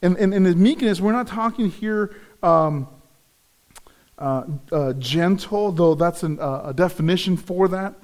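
Earnest high-voiced male preacher. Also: unhurried, darkish tone. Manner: earnest, repeats key phrases for emphasis. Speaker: pastor. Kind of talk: sermon.

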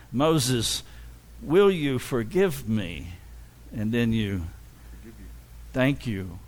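A man preaching to a congregation, his voice sitting a little high and swooping up and down with animation. He acts out short exchanges between people and breaks into laughter now and then. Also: a bit bright. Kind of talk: sermon.

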